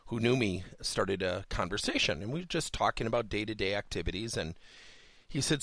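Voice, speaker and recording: A man's voice: on the low side, expressive, a little fast, fairly bright tone, no echo. A man hosting a workplace coaching podcast, telling a story with rhetorical questions.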